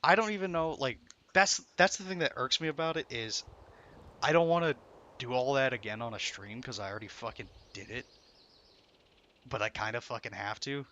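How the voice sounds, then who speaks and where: A man's voice: medium pitch, fairly quick, bright, forceful tone, highs cut off, a little hiss or hum. A young man streaming a game, swearing often and swinging between frustration and laughter. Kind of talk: live gameplay commentary.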